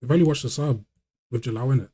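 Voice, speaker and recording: A man's voice: medium pitch, quick pace, warm tone, husky. A male streamer, chatting casually and playfully with a friend on stream. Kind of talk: casual chat.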